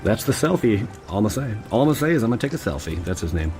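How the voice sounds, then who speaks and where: Rambling low-voiced guy opening card packs. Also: very fast, over music. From Cleveland area, Ohio. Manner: rambling, excitable, slangy asides to viewers. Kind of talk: casual chat while opening card packs.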